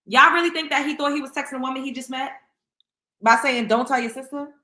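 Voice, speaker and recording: A woman host reads text messages aloud and reacts in a blunt, profane, exasperated way. Her voice is bright and pitched a little high, and it rings in an echoey room. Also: quick pace. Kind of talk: commentary reading text messages.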